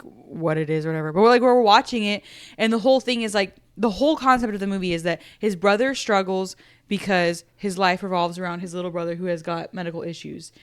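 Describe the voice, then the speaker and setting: A woman's voice: on the low side, clear, resonant tone. A woman in her thirties co-hosting a casual podcast chat with her sister, rambling through stories with plenty of filler and laughing as she goes. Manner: rambling, gets emotional and laughs while retelling. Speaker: podcast co-host.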